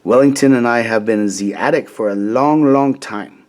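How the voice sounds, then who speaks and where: A man's voice: mid-range voice, moderate pace, a little mellow, natural voice. A man voicing a gallant, dramatic toy ocean explorer with a put-on French accent, read from a storybook. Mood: wistful.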